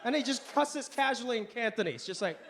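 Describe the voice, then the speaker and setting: A man's voice: very high voice, brisk, crowd noise, background noise. A man doing a stand-up comedy set in a club, telling stories with a punchy delivery. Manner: animated storytelling, punchy delivery. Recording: live club set with laughing audience.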